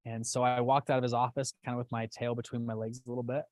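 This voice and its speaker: A young man who founded a fund company, casually telling a story to an online audience in an animated way and acting out quoted lines. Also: quick pace, few pauses, dry recording. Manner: animated, acts out quotes with big jumps in pitch.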